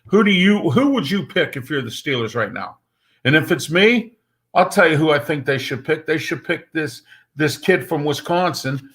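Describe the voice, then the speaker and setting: A man's voice: fairly high pitch, lively intonation, moderate pace, fairly bright tone. A man hosting a live sports talk show, blunt and opinionated, rambling with many fillers and repeated checks like "okay?". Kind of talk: casual sports talk monologue.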